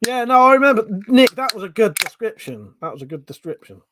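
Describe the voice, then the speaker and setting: A man's voice: extremely high pitch, sing-song, quick pace, background noise. A British man hosting a casual livestream, reading viewers' comments aloud and bantering with loose, swearing chatter. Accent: British English. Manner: swears freely, rambling, banter with chat. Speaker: livestream host.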